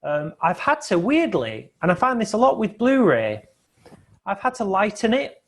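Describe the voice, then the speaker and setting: A man hosts a relaxed film watch-along, telling stories as he goes. His pitch sits a little above the average for a man. He keeps tossing in tag questions to draw his co-host in. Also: moderate pace. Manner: chatty, storytelling, tag questions. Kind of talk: casual film commentary chat.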